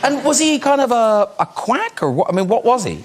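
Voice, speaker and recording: A man's voice: very high voice, sing-song. A man hosting a talk show, chatting with guests in a teasing, joking manner. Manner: teasing, quick with jokes.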